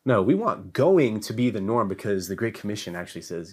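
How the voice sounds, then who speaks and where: A man teaching a sermon to his church, preaching emphatically with repetition and swings between loud peaks and hushed lows. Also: big pitch swings, a little fast, breathy edge.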